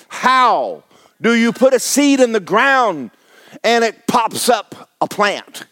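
A man's voice: very high voice, sing-song, takes it slowly, sharp tone, no room sound. A man preaching a sermon, folksy and fiery, repeating phrases for emphasis. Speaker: pastor.

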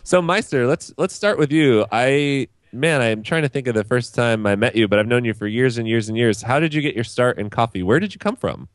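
A man's voice: medium pitch, expressive, fairly quick, few pauses, dry recording. A man hosting a podcast, asking friendly, open questions and joking with his guest. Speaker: podcast host. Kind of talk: casual interview.

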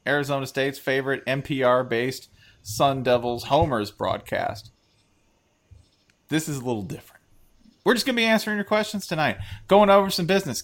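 This is a male podcast host chatting casually, with a bright edge to his voice. His pitch swings widely as he jokes along, trailing off now and then with an "uh.". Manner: joking, animated, trails off with fillers. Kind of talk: casual chat. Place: studio.

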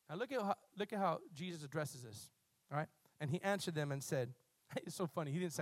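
Male pastor, high voice, fervent sermon with loud peaks and hushed asides, dry close mic. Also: lively intonation, quick pace, no echo. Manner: passionate preaching, swinging from loud bursts to low quiet asides; calls on the congregation to repeat words.

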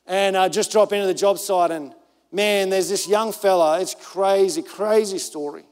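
Preaching in a church hall, an Australian pastor lifts his high voice as he tells stories with animation and imitates the voices of others. He speaks at a normal speed, and a long reverb carries his words through the hall.

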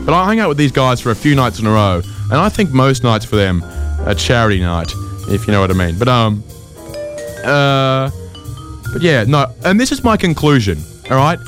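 A man, hosting a comedy show and telling rambling stories in a dry, deadpan way. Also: medium pitch, moderate pace, music in the background. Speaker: podcast host. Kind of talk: comedic storytelling and chat.

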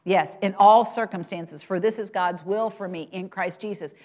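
A woman preaching a sermon to a congregation, asking rhetorical questions and swinging from loud, high exclamations to soft, low asides. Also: normal speed. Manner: rises in pitch and volume for quoted lines and exclamations, drops low and soft at points; addresses congregation directly, asks rhetorical questions.

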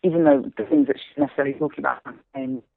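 A woman playwright and performer being interviewed, talking in a rambling, animated way with frequent restarts and laughter. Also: a bass voice, racing, vocal fry, no room sound. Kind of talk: casual interview chat. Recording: tinny phone line, dry.

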